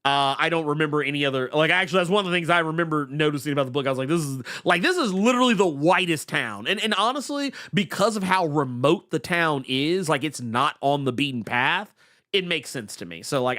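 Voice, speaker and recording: A man co-hosting a podcast, chatting casually about comics with animated stammering restarts. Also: on the high side, quick pace. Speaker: podcast co-host. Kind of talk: casual comic book chat.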